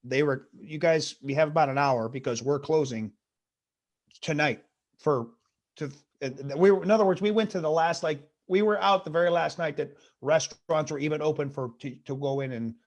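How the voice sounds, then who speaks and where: High-voiced man firing off one-liners. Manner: rapid one-liners, pleading with the audience after jokes. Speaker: stand-up comedian guest. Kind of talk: stand-up set over video call. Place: bedroom.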